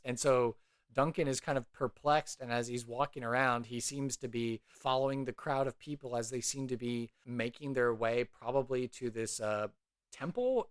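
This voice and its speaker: A man's voice: medium pitch, a bit bright, no echo. A man hosting a podcast and narrating a tabletop role-play scene as game master, rambling casually with fillers as he describes the setting.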